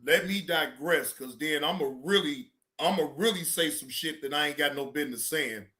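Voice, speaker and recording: A man hosting a livestream, ranting in a heated, profane way and repeatedly telling himself to calm down. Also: fairly high pitch, normal speed. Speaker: livestream reaction host.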